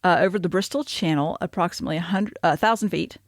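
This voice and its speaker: A woman's voice: lowish voice, quick pace, no room sound, studio quality. A woman co-hosting a podcast, chatting casually with fillers and frequent laughs. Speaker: podcast co-host.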